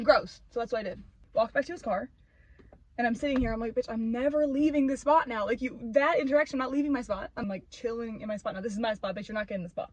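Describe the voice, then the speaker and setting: A woman of twenty-one telling a story as an animated, profane rant, full of filler "like". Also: fairly high pitch, poor audio. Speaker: vlogger. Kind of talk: ranting storytime.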